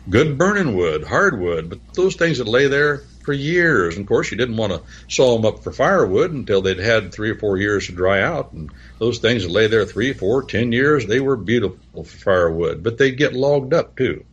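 A husky, lowish male voice gives folksy Bible teaching, wandering into stories and spelling words out loud. His pitch swings widely as he talks. The recording sounds dull and lo-fi. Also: sing-song, normal speed, hardly any pauses. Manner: rambling storytelling with spelled-out words. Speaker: preacher.

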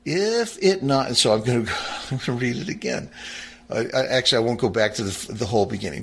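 A husky man delivering a fervent political monologue, his voice climbing sharply when he grows angry and dropping low when he goes quiet. He talks emphatically, stumbles into restarts, and keeps circling back to reread his text. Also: expressive, brisk. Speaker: political commentator. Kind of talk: impassioned monologue reading from a founding text.

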